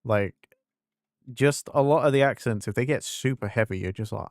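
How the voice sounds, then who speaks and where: A man's voice: mid-range voice, moderate pace, no room sound, studio quality. A young man from England, his English accent fading toward London, chatting casually and rambling on a gaming stream. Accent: fading English, London-leaning. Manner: rambling, filler-heavy, self-interrupting.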